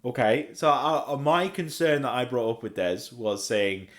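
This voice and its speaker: A man's voice: mid-range voice, expressive, moderate pace. A middle-aged Australian man co-hosting a podcast, rambling eagerly like a comic-book fan in casual chat. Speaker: podcast co-host.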